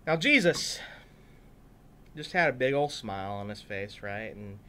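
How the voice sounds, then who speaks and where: Animated man reading a children's story. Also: on the low side, unhurried, smooth. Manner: animated, chatty, asides to kids. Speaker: pastor.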